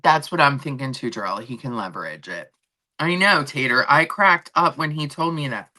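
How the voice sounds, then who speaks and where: A woman's voice: very deep voice, animated, moderate pace, bright, forceful tone. A woman hosting a casual stream from home, chatting and telling everyday stories with acted-out quotes. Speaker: streamer host. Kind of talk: casual chat. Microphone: laptop and phone setup.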